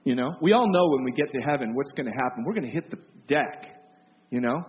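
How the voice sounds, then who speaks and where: A man's voice: mid-range voice, lively intonation, fast. A man preaching an emphatic, impassioned sermon in a church hall. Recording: muffled hall recording with faint hiss.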